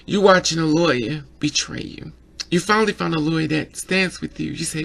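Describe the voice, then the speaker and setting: A man's voice: a little high, moderate pace, gravelly, a bit bright. A man giving an emotional opinion vlog about a documentary, repeating himself and stammering when upset. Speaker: vlogger reviewing a documentary.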